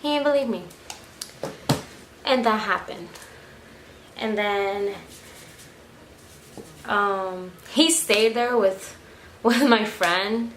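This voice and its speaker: A young woman vlogger telling a story at home in a casual, animated way, full of swearing and quick bursts of speech. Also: medium pitch, noisy background. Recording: echoey room.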